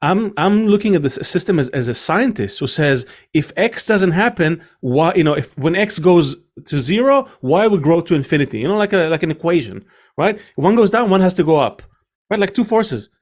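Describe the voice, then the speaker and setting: A man's voice: on the high side, animated, moderate pace. A man hosting a talk podcast who reasons aloud in a casual, rambling way. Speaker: podcast host.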